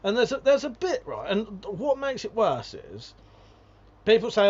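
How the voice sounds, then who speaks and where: A man's voice: high voice, big pitch swings, measured pace, husky, lo-fi sound. A British man hosting a casual livestream, reading viewer comments aloud and ranting with lots of swearing and laughter. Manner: profane, ranting, laughs often.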